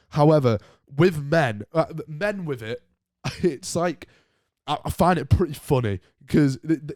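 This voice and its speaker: A man's voice: mid-range voice, darkish tone, dry recording, clean studio sound. A young man hosting a solo podcast, rambling and joking at his own expense. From north of England. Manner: rambling, self-mocking, often laughing. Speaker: podcast host.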